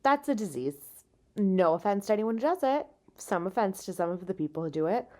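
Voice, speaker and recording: Lying in bed without a real podcast microphone, this worn-out host and stand-up comic rambles through a solo monologue on a makeshift mic. Her venting is blunt, full of profanity and self-mockery, delivered fairly quickly in a mid-range, darkish voice with big swings in pitch.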